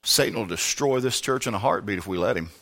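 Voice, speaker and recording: A man preaching a sermon as pastor, who moves from low, measured talk to shouted preaching. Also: expressive. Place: church.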